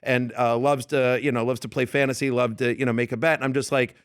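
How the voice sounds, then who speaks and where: This fantasy football analyst talks at a quick, smooth clip in a mid-range voice, recorded with studio clarity and no room sound in a radio studio. In a casual interview, he tells stories with animation, acting out the people in them and their yelled lines.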